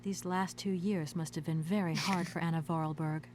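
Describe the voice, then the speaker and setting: Calm young woman investigator, voiced by an actress, quiet matter-of-fact game voice, lowish pitch, faint hum. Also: normal speed, natural voice. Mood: subdued.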